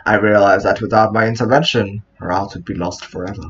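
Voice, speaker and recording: A man reading a fussy, snobbish male dragon ice cream maker from a visual novel in a raised put-on voice, slow and deliberate. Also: on the low side, fairly even intonation, a bit bright, lo-fi sound, voice pushed down. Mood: proud. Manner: reads slowly in a raised put-on voice.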